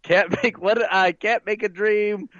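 A man's voice: high-pitched, steady tone, measured pace, a bit bright, dry recording, voice pushed up. Boastful male wedding planner caller, put on by a man, dry and muffled. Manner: boastful, keeps saying "let me tell you something". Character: smug male video game wedding planner. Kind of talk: comedic improv character.

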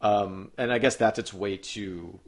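A man's voice: lowish voice, fairly even intonation, measured pace. A man in casual podcast chat, rambling enthusiastically as he retells a video game and swears casually.

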